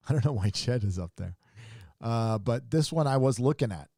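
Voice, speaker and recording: Male streamer host, mid-pitched, loose rambling commentary, dry close mic. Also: animated, normal speed, creaky, dark tone, dry recording. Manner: rambling, restarts often, chuckles and reacts to images. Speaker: show host. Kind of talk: casual livestream commentary.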